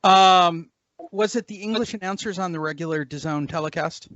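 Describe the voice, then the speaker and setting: Sarcastic male boxing podcast host, fairly high voice, dry, dull audio. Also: moderate pace, background noise. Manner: sarcastic, mocking. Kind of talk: casual sports talk.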